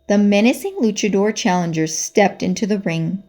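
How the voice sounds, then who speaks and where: A woman reading a children's storybook aloud in a lively, expressive way. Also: medium pitch, normal speed, few pauses.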